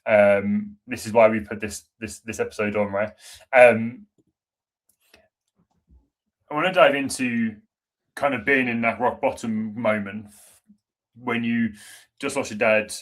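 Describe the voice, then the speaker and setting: A man's voice: lowish voice, steady tone. Encouraging male interview host. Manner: encouraging, backchannels a lot, halting questions. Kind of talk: online interview hosting.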